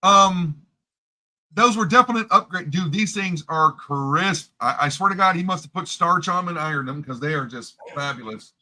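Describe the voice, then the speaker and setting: A man co-hosting a casual chat, joking and chatty with drawn-out asides. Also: on the high side, lively intonation, bright, forceful tone, rough recording. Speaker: co-host. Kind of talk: casual chat about coin collecting.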